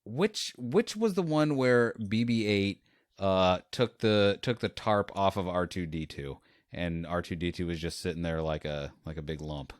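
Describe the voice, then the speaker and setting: A man hosting a casual podcast chat, telling stories in an animated way and acting out scenes. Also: sits low, measured pace, dry recording, studio quality. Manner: animated storyteller, acts out scenes. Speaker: podcast host.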